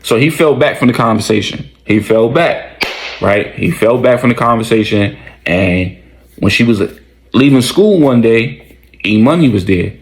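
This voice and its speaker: A man casually telling a story, slangy and conversational, with animated retelling. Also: medium pitch, normal speed, rough recording.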